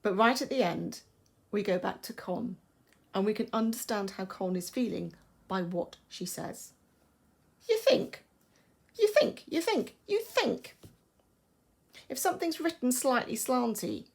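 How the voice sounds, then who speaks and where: A woman's voice: mid-range voice, gravelly. A woman with an English accent, a primary school teacher, giving a recorded lesson and explaining patiently and expressively.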